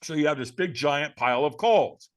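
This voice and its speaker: A man guesting on a podcast, telling a personal story in a lively, dramatic way and laughing as he goes, with a casual manner. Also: on the high side, normal speed. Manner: casual, addresses the host as man and brother.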